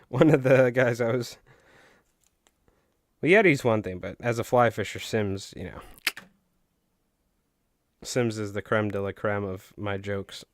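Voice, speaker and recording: A man's voice: lowish voice, slow pace, long pauses, no echo, studio quality. A young man with a Long Island accent chatting casually and jokingly on a live stream while tying flies, rambling with many fillers.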